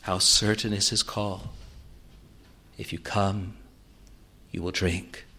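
A man preaching a sermon, earnest, swelling loud on key words and then dropping to a soft, quiet close. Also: sits low, little pitch movement, takes it slowly, breathy edge.

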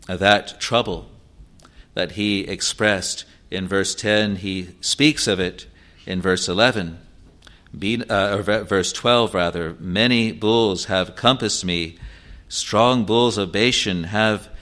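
A man preaching a sermon, explaining scripture verse by verse with many pauses and "uh" fillers, reading passages in a formal old style. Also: fairly low pitch, a bit bright. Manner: slow and halting, frequent "uh" fillers and self-corrections; reads scripture in an older, formal register.

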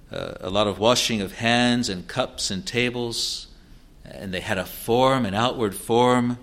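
A man preaching an expository sermon in an earnest way, asking rhetorical questions and answering them, sometimes halting and restarting. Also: mid-range voice, a bit bright.

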